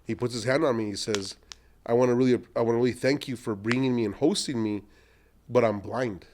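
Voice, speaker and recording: A middle-aged man, an entrepreneur, telling long animated anecdotes in a podcast interview and acting out what other people said. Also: medium pitch, brisk, a little hiss or hum. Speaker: entrepreneur guest.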